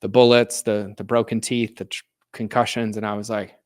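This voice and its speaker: Guy with a low, pretty monotone voice, opening up on a podcast, lots of "like"s and restarts. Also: normal speed. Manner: earnest, frequent "like" fillers and restarts. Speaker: podcast guest, entrepreneur. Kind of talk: candid personal storytelling.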